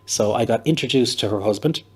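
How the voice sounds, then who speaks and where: A man's voice: medium pitch, a little fast, darkish tone, husky. An Irish man, a pub owner, telling his story in a chatty, rambling interview with lots of fillers. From Ireland.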